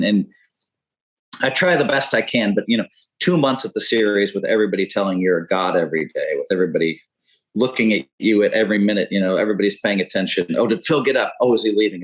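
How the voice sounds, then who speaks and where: A man's voice: on the low side, low-quality recording. A man in his fifties, a poker pro talking as a podcast guest, rambling and candid with frequent profanity. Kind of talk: casual interview talk.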